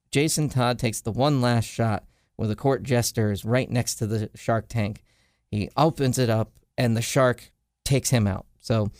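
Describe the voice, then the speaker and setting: A podcast host with a clear, resonant, medium-pitched and darkish voice casually retells a comic storyline. His rambling recap is peppered with "uh" fillers, captured in clean studio sound with no echo.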